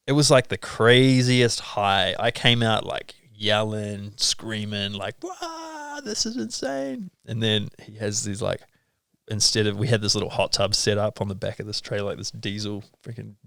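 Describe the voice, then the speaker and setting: A man with a New Zealand accent, a podcast guest, telling stories in a relaxed way full of "like" and "bro". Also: lowish voice, clean tone, dry recording, studio quality. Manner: laid-back, filler-heavy, lots of "like" and "bro". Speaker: podcast guest, pro skier. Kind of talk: casual podcast storytelling.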